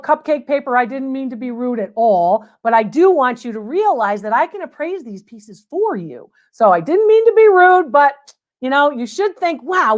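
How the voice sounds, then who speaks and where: A woman hosting a live antiques Q&A, chatting to viewers in an emphatic way and repeating phrases for stress. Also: high voice. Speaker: antiques appraiser and livestream host. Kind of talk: live Q&A chat reading viewer comments.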